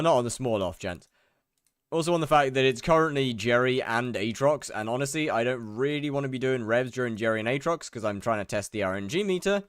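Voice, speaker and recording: Lively chatty young male game streamer. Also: medium pitch, clean tone, dry recording, clean studio sound. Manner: greets chat viewers one by one, rambling and chatty. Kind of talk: casual live-stream chat while gaming.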